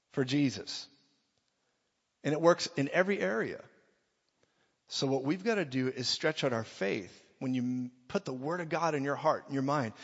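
Male preacher, fairly high voice, animated sermon delivery, muffled sound with a long hall echo. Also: slightly rough. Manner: animated, swings from quiet to shouting.

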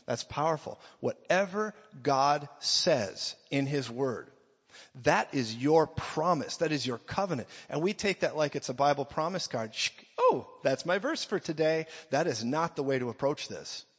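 Man, preacher, emphatic sermon, fairly high voice, mock voices for quotes, long hall reverb. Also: animated, normal speed, slightly rough. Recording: long reverb, dull lo-fi sound.

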